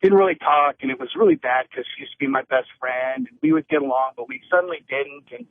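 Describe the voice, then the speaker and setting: A man's voice: medium pitch, fast. A man calling in to a show, earnestly rambling through a personal story on a tinny phone line. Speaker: caller.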